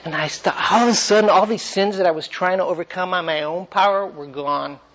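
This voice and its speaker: A man's voice: high-pitched, brisk, fairly bright tone. Man teaching a Bible class, dull lo-fi sound. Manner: questions the class and animates points.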